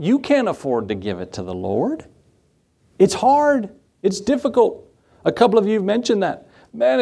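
A man's voice: high voice, darkish tone. A male pastor preaching a sermon conversationally, repeating key phrases for emphasis and adding humorous asides.

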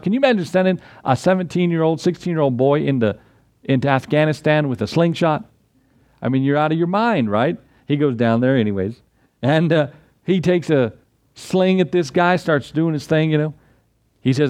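Preaching in a conversational way, a man with a somewhat high voice talks at normal speed, with no room sound. He speaks straight to his listeners and retells stories, acting out people's lines with lively quotes.

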